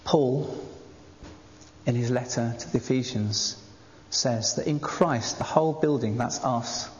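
A man's voice: mid-range voice, measured pace. A man preaching a sermon in a church, earnest and exhorting his congregation. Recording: reverberant church hall, dull faint hiss.

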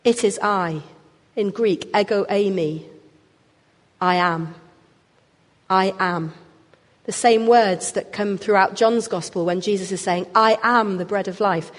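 A woman preaches a sermon in a church with a long, ringing reverb. Her voice sits at an ordinary middle pitch. She speaks expressively and lifts her emphasis on the words that matter. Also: slow, pauses often.

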